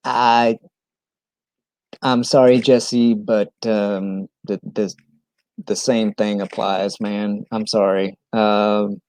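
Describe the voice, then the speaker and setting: Man, casual stream chat, gravelly voice, dry close sound, halting with ums. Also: fairly low pitch, level tone, darkish tone, no room sound. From New England. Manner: halting, many ums and restarts.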